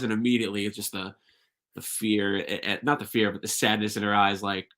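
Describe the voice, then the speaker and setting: A man's voice: lowish voice, fairly even intonation, fast talker, fairly bright tone. A young man in casual chat as a podcast guest, rambling with many fillers and restarts.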